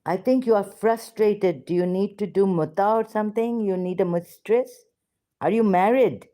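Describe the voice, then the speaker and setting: A woman's voice: medium pitch, moderate pace, mellow. A woman arguing heatedly on a call, confrontational and accusatory. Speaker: ex-Muslim debater on a call. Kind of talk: heated argument.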